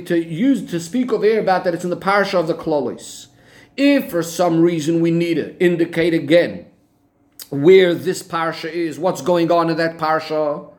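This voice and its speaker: High-voiced man teaching a text lesson. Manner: questioning, methodical, rhetorical back-and-forth. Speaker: Torah teacher. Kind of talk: Talmudic-style text analysis lesson.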